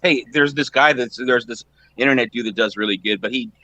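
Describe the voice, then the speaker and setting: Male panelist, halting rambly storyteller, sharp bright voice, mid pitch. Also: lo-fi sound. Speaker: panelist on a live stream. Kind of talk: casual chat.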